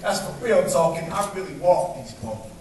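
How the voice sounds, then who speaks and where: A man's voice: fairly high pitch, lively intonation, normal speed, a little mellow. A man performing spoken word poetry at a live open mic, with a rhythmic, emphatic delivery into a stage microphone. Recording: very echoey room from far off, faint noise.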